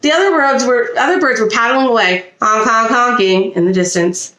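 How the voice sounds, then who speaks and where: A woman reading a children's storybook aloud with expressive delivery and small slips. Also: fairly high pitch, normal speed, echoey room. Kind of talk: reading a picture book aloud. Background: a child nearby.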